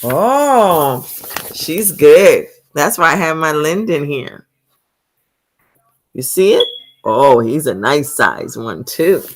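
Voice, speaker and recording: Animated woman reading to kids. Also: sits low, slow pace, long pauses, slight background noise. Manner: animated, exclamatory, asks the children questions. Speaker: storytime reader for children. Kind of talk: reading a picture book aloud.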